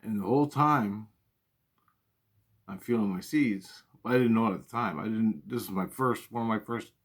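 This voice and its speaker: A man casually telling a personal spiritual story, swearing freely and talking in an earnest, conversational way. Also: on the low side.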